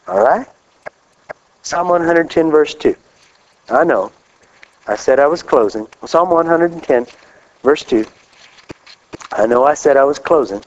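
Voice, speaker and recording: A middle-aged man from Kansas preaching a lively, joking sermon, reading scripture aloud slowly and with emphasis. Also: fairly high pitch. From Kansas, USA. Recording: dull lo-fi live recording.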